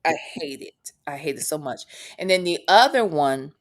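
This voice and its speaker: A woman's voice: deep voice, animated, moderate pace. A woman hosting a podcast in casual chat, frank and opinionated, swearing bluntly as she talks. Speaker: podcast host.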